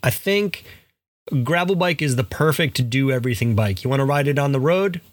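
A man's voice: medium pitch, lively intonation, normal speed, no room sound. A man co-hosting a podcast, easygoing and dry, arguing in a playful way. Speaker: podcast co-host. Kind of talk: casual podcast banter.

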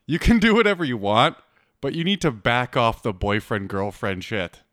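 Man, casual co-host, blunt and teasing, animated delivery, dry close sound. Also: medium pitch, moderate pace, no echo. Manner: blunt, teasing, laughs often, swears freely. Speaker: co-host giving dating advice. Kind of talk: casual chat.

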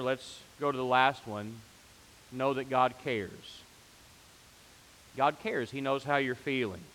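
A man's voice: mid-range voice, bright, forceful tone, long reverb tail, poor audio. A man pastor preaching a sermon, rising to fervent emphasis on repeated phrases.

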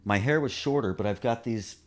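A man's voice: on the low side, a little fast. A middle-aged man chatting casually as a guest, telling rambling, laid-back stories. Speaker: guest musician. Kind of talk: casual chat.

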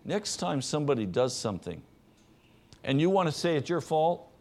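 A middle-aged man preaching a sermon as pastor, earnest, often dropping to a soft, low voice. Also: sing-song, normal speed.

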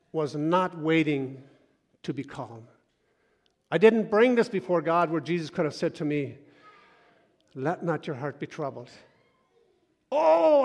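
A man preaching a sermon, moving between loud urging and soft, hushed asides. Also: high-pitched. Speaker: pastor. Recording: long hall reverb.

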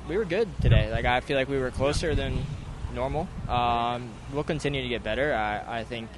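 A man's voice: medium pitch, a little fast. A man, a motocross racer, speaking frankly and critically of himself in a post-race interview outdoors at a race track. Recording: noisy outdoor track recording.

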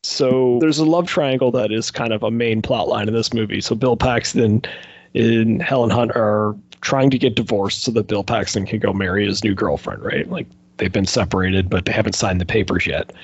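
A man's voice: fairly low pitch, steady tone, moderate pace, husky, no room sound, muffled recording. A man chatting casually on a podcast, rambling with lots of fillers and laughing as he goes. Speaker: podcast co-host. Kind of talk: casual chat.

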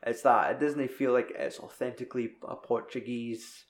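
A man's voice: mid-range voice, steady tone, normal speed. A young man in casual chat, recapping a film in a rambling, sweary way. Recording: echoey room.

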